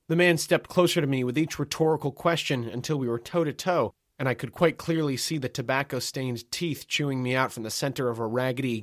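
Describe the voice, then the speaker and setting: Guy telling a funny first-person story, wry and deadpan, dry close mic. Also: medium pitch, a little fast, no room sound. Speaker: narrator.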